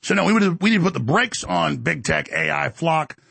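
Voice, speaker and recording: Gravelly heated talk show host, man. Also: expressive, fairly quick, fairly bright tone, no echo. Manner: heated, emphatic, acts out quotes in higher voice. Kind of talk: ranting monologue.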